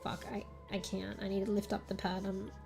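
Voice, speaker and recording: A woman's voice: mid-range voice, monotone, brisk, creaky, a little mellow, soft background music. A young Australian woman chatting casually on a stream, rambling, swearing often and laughing between thoughts. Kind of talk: casual chat.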